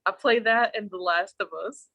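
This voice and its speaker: A woman with a mid-range voice speaks at a moderate pace as a guest on a casual online talk show, calling in remotely from home. She tells stories in an animated, profane way, swearing a lot and acting out quotes, and the recording sounds muffled.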